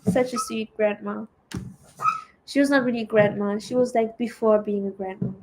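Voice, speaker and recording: Woman with a high voice chatting casually on a live trading stream, reads chat out loud and answers it. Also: steady tone, moderate pace, slight background noise. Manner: chatty, reads viewer comments aloud and answers them. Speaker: trading livestream host.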